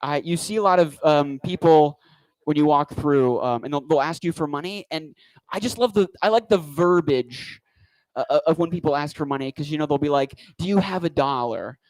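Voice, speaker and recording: A man's voice: fairly high pitch, moderate pace, no room sound, low-quality recording. A man doing a stand-up comedy set on a club stage, talking into a handheld mic with a wry, rambling delivery.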